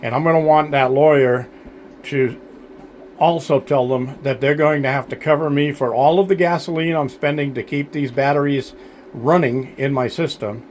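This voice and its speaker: A man vlogging a blunt, aggravated rant, talking to his viewers with many fillers and pauses. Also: medium pitch, fairly even intonation, darkish tone, slight background noise. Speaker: homesteading vlogger. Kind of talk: frustrated to-camera vlog rant.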